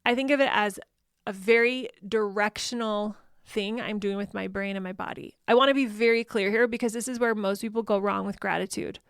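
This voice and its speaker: Woman, podcast host, heartfelt and reflective solo talk, mid pitch, dry recording. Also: steady tone, brisk, smooth, dry recording. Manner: earnest, heartfelt, self-correcting.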